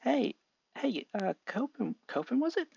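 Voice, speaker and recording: A man's voice: very high-pitched, big pitch swings, unhurried, vocal fry, darkish tone, breathy edge, pitched above the performer's own voice, full character voice. A man voicing an eager, friendly teenage boy who talks upbeat. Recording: dull lo-fi mic.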